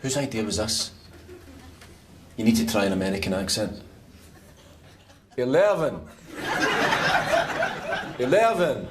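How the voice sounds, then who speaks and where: Mocking Scottish man, lively voice, studio laughter behind. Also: fairly low pitch, measured pace, long pauses. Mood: sarcastic, irritated. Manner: sarcastic, mocking. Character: sarcastic, hot-tempered Scottish man in a lift. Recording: TV sketch with studio laughter and faint noise.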